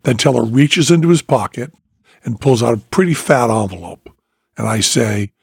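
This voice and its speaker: A man's voice: mid-range voice, expressive, normal speed, creaky, husky, no echo, clean studio sound. A man hosting a casual chat, telling rambling stories and acting out dialogue. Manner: rambling storyteller, acts out dialogue. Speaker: podcast host, magician.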